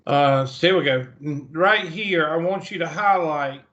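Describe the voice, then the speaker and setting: A man's voice: on the high side, measured pace, a bit bright. A man with a Southern US accent teaching a math class over a video call, chatty and thinking aloud as he goes. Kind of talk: online class lecture. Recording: muffled video call audio.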